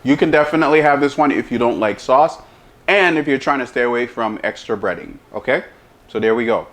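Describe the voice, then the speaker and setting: A man hosting a casual cooking demo and taste test, humming over each bite and talking with his mouth full. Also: medium pitch. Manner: talks with mouth full, lots of savoring hums; slow, relaxed delivery. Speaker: chef, cooking show host.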